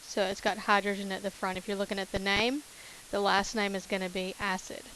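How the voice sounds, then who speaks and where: A woman's voice: mid-range voice, flat delivery, a little fast, a bit bright, slight background noise, poor audio. A woman teacher talking through chemistry notes in a casual way, repeating key terms with many fillers. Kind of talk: recorded lecture over notes.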